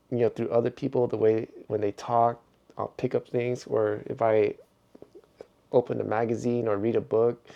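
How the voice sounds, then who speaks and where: Mellow-voiced middle-aged man musing aloud. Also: medium pitch, vocal fry. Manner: rambling, reflective, chuckles often. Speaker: vlogger. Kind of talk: casual vlog monologue.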